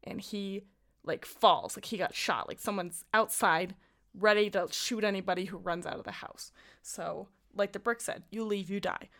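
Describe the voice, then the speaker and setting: In a casual movie-recap chat, this podcast co-host, a young woman, retells the plot with plenty of "like"s and laughter mixed into her speech. She speaks at medium pitch and a moderate pace, with a slightly bright tone.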